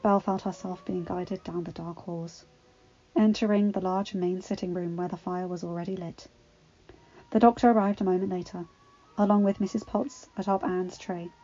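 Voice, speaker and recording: A woman narrating a fan-fiction story in a steady, expressive reading. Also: fairly low pitch, moderate pace. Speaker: audiobook reader. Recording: dull lo-fi recording with faint music.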